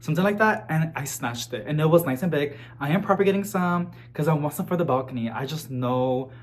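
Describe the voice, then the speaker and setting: A man vlogging about houseplants in a chatty, animated way, full of casual fillers. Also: fairly high pitch, brisk. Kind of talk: casual chat to camera.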